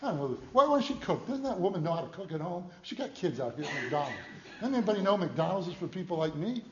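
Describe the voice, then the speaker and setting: A man preaching a sermon as a pastor, telling folksy stories and swinging between loud emphasis and hushed asides. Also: high-pitched, big pitch swings, fast talker, lo-fi sound, a crowd in the background.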